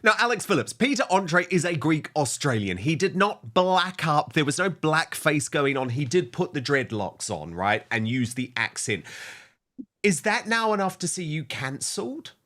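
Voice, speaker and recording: A man hosting a talk show, delivering his lines in an animated, emphatic way. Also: on the high side, moderate pace. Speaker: host.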